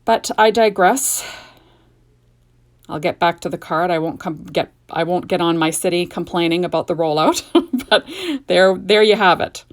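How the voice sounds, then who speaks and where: Middle-aged woman, lowish voice, chatty, gushing, craft tutorial at home. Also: normal speed. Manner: chatty, gushing, rambling asides. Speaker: card-making video host. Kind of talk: casual craft tutorial chat.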